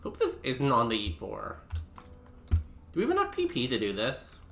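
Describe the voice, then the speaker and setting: Rambling young man streaming a game, bright voice. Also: mid-range voice, wildly swooping pitch, normal speed, reverberant. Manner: rambling, filler-heavy chat with viewers. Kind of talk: casual live-stream commentary.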